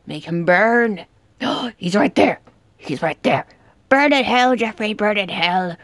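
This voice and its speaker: A young woman narrates her horror game run at a slow, deliberate pace, then breaks into shouts and taunts at the villain. Her voice sits at an ordinary pitch, and the recording is dry and close with no room sound. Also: expressive, no room sound. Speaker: gaming youtuber. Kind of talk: excited let's-play commentary.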